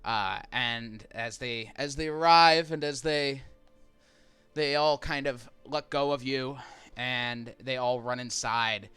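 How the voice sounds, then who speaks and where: A man's voice: mid-range voice, fairly even intonation, takes it slowly, pushed and bright, clear, resonant tone, dry recording, soft background music. A man narrating a tabletop game as game master, describing scenes in a rambling, filler-heavy way.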